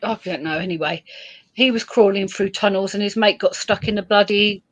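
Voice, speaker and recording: A woman's voice: medium pitch, brisk. A woman chatting casually as a guest on a live stream, laughing often and acting out quotes as she tells stories about exploring. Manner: giggly, lively storyteller, acts out quotes.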